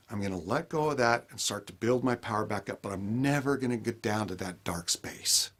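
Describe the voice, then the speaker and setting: A man giving a motivational life lesson, acting out everyday scenes as he talks. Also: mid-range voice. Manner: animated, acts out everyday scenes. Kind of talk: motivational talk.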